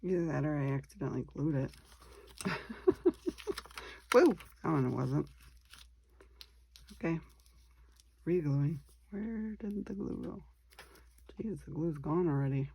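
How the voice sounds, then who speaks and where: A woman's voice: low-pitched, a little slow, gravelly, pauses often, warm tone, husky. A woman hosting a casual craft tutorial, chatting and thinking aloud as she works, easy on her own mistakes. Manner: chatty, thinking aloud while working, self-deprecating. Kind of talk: casual step-by-step craft demonstration.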